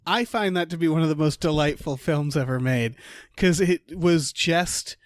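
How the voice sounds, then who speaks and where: Chatty higher-voiced man, dry sound. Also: normal speed, dry recording. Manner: chatty, rambling, laughs often, swears casually. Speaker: podcast co-host. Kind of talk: casual chat.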